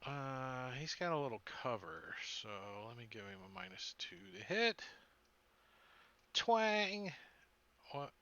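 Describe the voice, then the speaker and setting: A man running a tabletop game as game master, acting out sound effects and shouted lines. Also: mid-range voice, big pitch swings, normal speed, few pauses, muffled recording.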